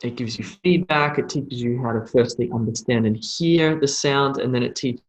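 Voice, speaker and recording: A man's voice: mid-range voice, poor audio. Chatty man teaching English pronunciation live. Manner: relaxed, chatty, demonstrates sounds slowly and repeatedly. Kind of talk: live online English lesson answering student questions.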